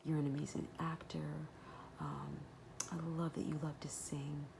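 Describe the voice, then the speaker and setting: A woman whispering a soft, hesitant, tender and apologetic personal message to her son, pausing often. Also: low voice, little pitch movement, creaky, noisy background. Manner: soft and hesitant, many pauses and fillers. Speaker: mother speaking to her son.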